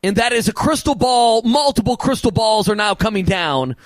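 High, lively sports radio host. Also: male voice, normal speed, dry recording. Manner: animated, preachy banter. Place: radio studio. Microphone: studio microphone.

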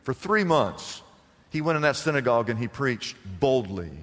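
A man preaching in a bright, forceful voice that sits high and swings widely in pitch. He keeps throwing questions to the congregation for them to answer, and the sound rings with a long reverb from the church. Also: expressive, moderate pace. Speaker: pastor. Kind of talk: sermon. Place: church sanctuary. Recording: long reverb from a large room.

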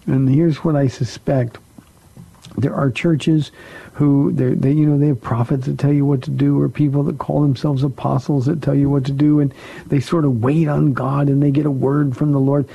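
A man's voice: mid-range voice, flat delivery, moderate pace, gravelly, warm tone, husky, highs cut off. A man, a pastor, hosting a radio call-in show and answering Bible questions in a conversational way, often repeating words for emphasis.

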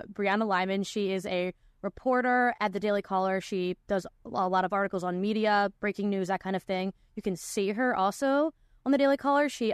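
A woman's voice: medium pitch, clear, resonant tone, no echo, studio quality. A young woman hosting a podcast in casual chat, talking with lots of "like" fillers. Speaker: podcast host.

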